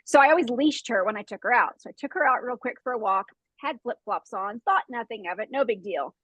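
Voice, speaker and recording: A woman hosting a group talk, telling an animated story, laughing often and acting out the sounds. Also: on the high side, brisk, no room sound, rough recording. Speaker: host.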